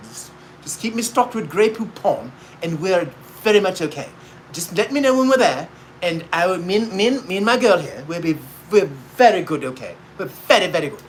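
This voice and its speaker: A man's voice: high-pitched, expressive, a little fast, a little hiss or hum, pitched below the performer's own voice, poor audio. A man doing a prissy rich limo passenger. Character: prim wealthy man fussing over mustard in a limo.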